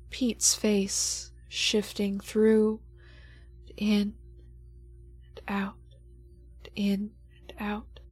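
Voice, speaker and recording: A woman game master narrating a horror tabletop game slowly and dramatically, often dropping to near whispers for suspense. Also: medium pitch, slightly rough, no echo.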